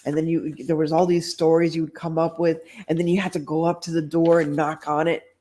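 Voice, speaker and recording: A woman's voice: deep voice, little pitch movement, fairly quick, dark tone. A middle-aged woman reading a children's storybook aloud, with chatty asides. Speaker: storytime reader.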